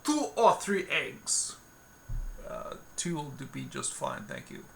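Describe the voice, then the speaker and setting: A man's voice: on the high side, animated, drawn-out words, pushed and bright, exaggerated voice. A man voicing a mild, polite adventurer who answers with hesitation. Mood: hesitant.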